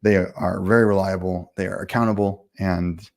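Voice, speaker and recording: A low, steady, darkish voice comes from a man who runs a game company and hosts a casual livestream. He answers viewer comments about running games in a blunt, confident ramble, fast and packed with fillers and restarts.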